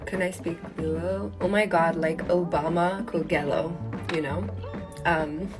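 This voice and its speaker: A woman's voice: on the low side, steady tone, a little slow, music in the background. A young woman from Kenya and Sudan chatting casually to viewers and reading out comments. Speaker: vlogger and podcast host.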